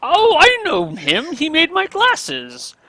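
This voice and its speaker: A man voicing a very old, kindly tiny gnome wizard in a high, quavering old voice. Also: huge pitch swings, takes it slowly, sharp tone, exaggerated voice. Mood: kindly, doddery.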